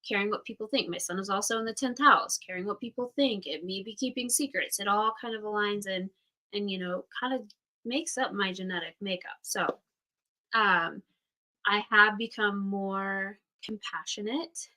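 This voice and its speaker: A woman in her thirties from Utah, United States, hosts a casual astrology class on livestream. She's candid and chatty, swears frankly, and acts out quoted voices, speaking at medium pitch and moderate pace with a sharp tone over poor audio.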